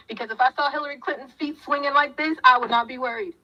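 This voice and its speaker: A woman's voice: sits high, steady tone, fast, hardly any pauses, bright, forceful tone. A woman talking to her viewers in a fiery, preachy way, firing off repeated questions. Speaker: commentator. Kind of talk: impassioned talk to viewers. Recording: muffled lo-fi audio.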